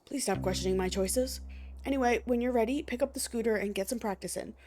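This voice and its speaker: A woman's voice: fairly high pitch, fast talker, mellow, natural voice. A woman voicing a touchy male supervisor who gives orders over the phone, prickly and defensive.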